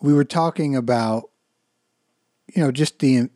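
A man's voice: medium pitch, a little slow, dark tone, no room sound, clean studio sound. Laid-back man chatting on a podcast. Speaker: podcast co-host. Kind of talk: casual chat.

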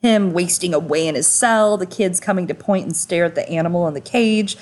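A woman's voice: on the low side, a little fast, a little mellow. Woman co-host, casual chat, enthusiastic, loose and profane. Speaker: podcast co-host.

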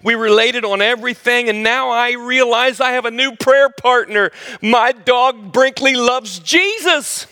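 Middle-aged man, pastor preaching with comic storytelling; high, bright voice, animated and self-mocking. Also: unhurried, few pauses, smooth. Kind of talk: humorous storytelling sermon.

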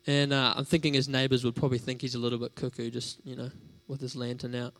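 A man's voice: mid-range voice, level tone, fast, fairly bright tone. A man preaching a sermon in a conversational, storytelling way, with casual fillers.

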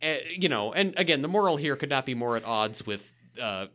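A man's voice: mid-range voice, lively intonation, a little fast, a bit bright. A man co-hosting a podcast, recapping a sitcom in casual chat, full of wry, dry sarcastic asides. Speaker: podcast co-host.

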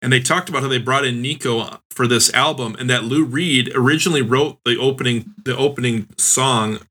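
Man with a bright voice. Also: medium pitch, a little fast. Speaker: podcast co-host. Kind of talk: casual chat.

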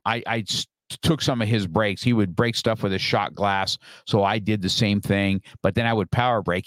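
A middle-aged man on a podcast, telling a story in a lively, casual way and acting out his own lines from the past. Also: fairly low pitch, no echo. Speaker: podcast guest.

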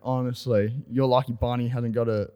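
An Australian man co-hosting a casual podcast, telling club stories with animated banter. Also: mid-range voice, brisk, clear, resonant tone, long reverb tail. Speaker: podcast co-host. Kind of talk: casual chat.

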